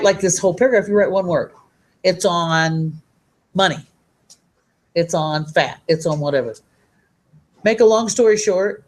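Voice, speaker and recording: Upbeat woman giving a rambling motivational training. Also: low voice. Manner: upbeat, rambling, reads sayings from a handout. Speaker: network marketing trainer.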